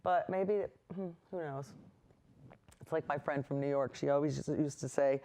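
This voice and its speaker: A painting instructor talks viewers through a lesson in an indoor studio. The voice sits in a middle pitch. The delivery is easygoing and reassuring, and it keeps wandering off into personal asides before coming back to the brushwork. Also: unhurried, dark tone. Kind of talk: chatty on-camera painting lesson.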